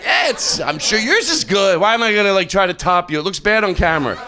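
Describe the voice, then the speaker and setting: A man with a Philadelphia accent riffs through improvised stand-up on a club stage, his voice pitched high and bright, swooping up and down as he goes. He keeps a mock-earnest tone, rambling and cutting himself off mid-sentence. He is picked up on a handheld stage mic. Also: expressive, brisk, a faint crowd. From Philadelphia, USA. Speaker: stand-up comedian.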